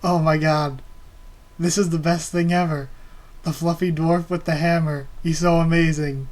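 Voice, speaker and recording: A man hosting a live reaction to a webcomic, excitedly gushing and laughing as he reads. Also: fairly high pitch, normal speed.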